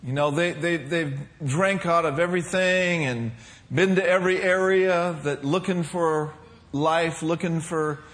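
Male pastor, higher voice, mid sermon, calls out to the room, casual fillers. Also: a little slow, a bit bright. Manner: preaching with call-and-response asides. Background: congregation responding.

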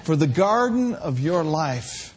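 A man from Minneapolis preaching a sermon, playful and animated, sometimes rising to shouts. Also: fairly high pitch, slow. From Minneapolis, USA.

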